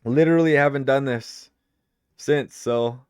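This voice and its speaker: Excitable male streamer, slow and dry. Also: mid-range voice, clear, resonant tone, no room sound. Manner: excitable, laughs a lot, loud. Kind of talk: live stream commentary.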